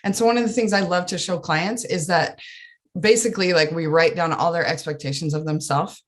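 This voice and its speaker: Earnest, animated woman life coach. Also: lowish voice, a little fast. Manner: earnest, animated, laughs often. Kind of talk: casual interview chat.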